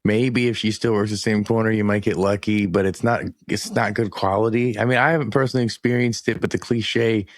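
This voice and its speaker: A man's voice: lowish voice, fairly even intonation, fairly quick, few pauses, no echo, studio quality. A man with a Michigan accent hosting a podcast, talking in casual chat with crude, joking banter. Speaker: podcast host.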